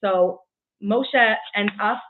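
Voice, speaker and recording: A woman teaching a casual weekly Torah class, brisk and chatty, often checking in with "right?" and filling pauses with "um.". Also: mid-range voice, a little hiss or hum. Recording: tinny phone-like audio.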